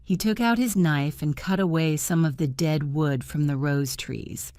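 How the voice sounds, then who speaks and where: Woman, story narrator, calm, slow, low pitch, dry sound. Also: no room sound. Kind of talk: slow graded reader narration for learners.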